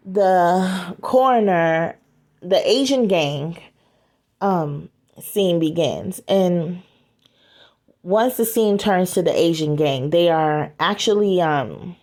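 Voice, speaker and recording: A woman's voice: lowish voice, darkish tone. A woman retelling a story scene by scene, hurrying through quoted back-and-forth dialogue and linking each line with "and he said". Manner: quick, chains quoted dialogue with "and he said".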